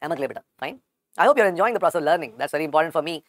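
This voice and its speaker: A man's voice: a little high, animated, very fast, a bit bright, no echo. A man with an Indian accent giving a medical exam-prep lecture, repeating every key point several times and calling his students "beta".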